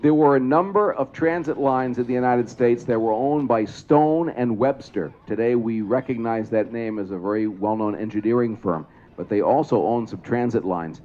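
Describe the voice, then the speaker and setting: A man's voice: medium pitch, moderate pace, hardly any pauses, darkish tone, muffled recording. A man announcing a trolley parade to a crowd outdoors, explaining things and asking the audience questions. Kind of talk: public address commentary to a crowd. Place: outdoors at a trolley museum event.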